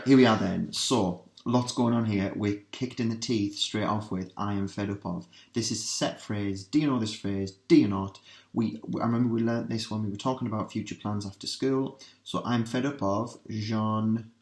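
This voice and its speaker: A man teaching a revision lesson, working through translations step by step and asking his students quick questions. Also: fairly low pitch, a little mellow. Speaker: language teacher. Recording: roomy echo.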